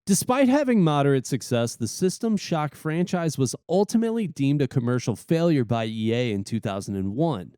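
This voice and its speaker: Mellow, smooth-voiced man reading podcast notes. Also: medium pitch, sing-song, dry recording, clean studio sound. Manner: easygoing, quick to laugh and tease. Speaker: podcast co-host. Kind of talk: reading scripted game history, with casual banter.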